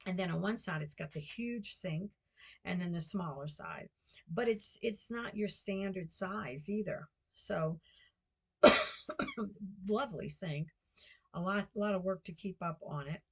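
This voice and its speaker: An older American woman, a vlogger and guesthouse host, chats casually at home in a rambling monologue, meandering, correcting herself and using lots of fillers. Her voice is lowish and husky, at a moderate pace.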